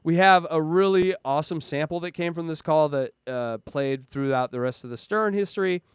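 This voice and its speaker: Excitable high-pitched male stream host. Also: moderate pace, clean tone, dry recording, clean studio sound. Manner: excitable, joking, hypes donations. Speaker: livestream host. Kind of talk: casual livestream chat.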